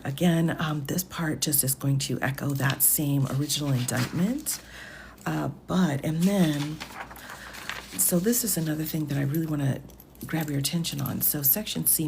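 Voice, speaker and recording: A woman legal commentator talking softly, half-whispering in an ASMR-style voice at home at night during a live stream. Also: sits low, gravelly, background noise. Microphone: phone.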